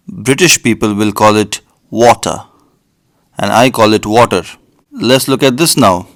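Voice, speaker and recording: A man's voice: medium pitch, no room sound, studio quality. A man with an Indian accent hosting a playful educational video, comparing pronunciations with teasing, wry asides. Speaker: video host.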